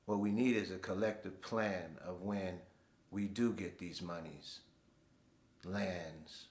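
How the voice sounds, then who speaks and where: A man's voice: sits low, steady tone, slow, darkish tone, echoey room. A man hosting his own show, telling stories in a laid-back, slangy way. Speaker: host. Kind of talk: casual storytelling monologue.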